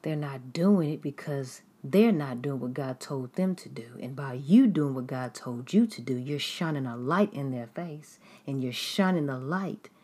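A woman's voice: rumbling low, warm tone, husky. A woman preaching a sermon in an emphatic, repetitive way, now and then mimicking critics in a raised voice.

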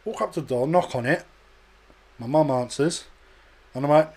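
A man telling a sweary, animated story on a casual podcast chat, acting out other people's voices. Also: a little high, normal speed, breathy edge. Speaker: podcast host.

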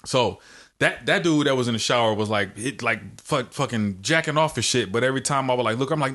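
A man co-hosting a podcast, telling profane, animated stories in casual chat and acting out the quotes. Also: medium pitch, a little fast. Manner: animated storyteller, profane slang, acts out quotes. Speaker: podcast co-host.

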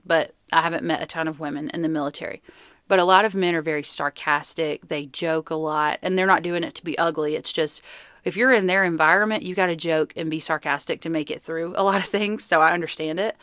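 A woman's voice: low voice, fairly bright tone, dry recording, clean studio sound. A young woman hosting a podcast, giving earnest, chatty relationship advice. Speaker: podcast host. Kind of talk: casual advice talk.

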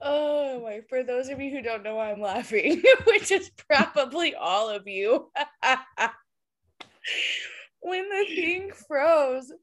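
A woman co-hosting a casual podcast chat over a video call, animated and quick to laugh. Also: high-pitched. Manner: giggly, animated, laughs often. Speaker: podcast co-host and tarot reader.

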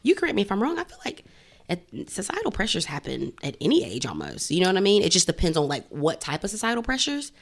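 A woman's voice: mid-range voice, quick pace. A woman in her thirties co-hosting a casual podcast, talking bluntly and with plenty of profanity. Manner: blunt, profane and animated, laughing often. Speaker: podcast co-host.

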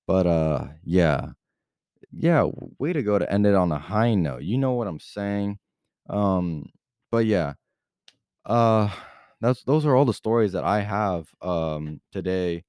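A man's voice: on the low side, lively intonation, measured pace, a little mellow, no room sound, clean studio sound. A young man hosting his own podcast, telling stories in a rambling, casual way full of filler words and swearing. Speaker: podcast host. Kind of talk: casual storytelling.

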